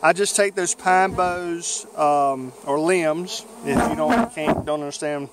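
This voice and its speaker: A man with a Southern American accent, a beekeeper talking through a how-to video outdoors in his bee yard in a folksy, unhurried way with many fillers. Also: on the high side, heavy background noise. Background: buzzing bees.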